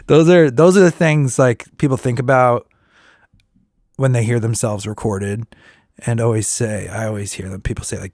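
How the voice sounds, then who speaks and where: A middle-aged man, a working musician hosting his own podcast, talking casually with a tired voice and often restarting his sentences as he rambles through vocal warm-ups. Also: medium pitch, normal speed, no room sound, clean studio sound. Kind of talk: casual solo reflection.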